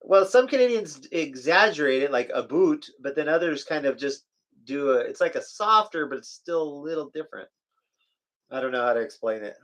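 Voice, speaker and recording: A man's voice: on the high side, expressive, a little fast, a bit bright. A man from the US West Coast co-hosting a casual live chat, joking and reading out viewer comments. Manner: chatty, joking, reads viewer comments aloud. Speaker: co-host of a live chat stream.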